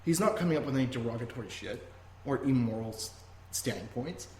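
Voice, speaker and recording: A man speaking at a middle pitch in a heated, emphatic podcast rant that is often profane. The room is echoey, with a faint hiss beneath the voice. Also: lively intonation, a little fast, darkish tone. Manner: ranting, emphatic, swears often. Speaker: podcast host.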